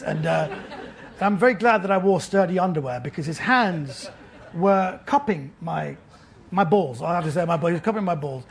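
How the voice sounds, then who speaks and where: A man's voice: fairly high pitch, normal speed, creaky. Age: grown man. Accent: London. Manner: stage storyteller, stammering restarts. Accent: London English. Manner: animated anecdote with stammered restarts. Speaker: author and comedian guest. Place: festival venue before a laughing audience.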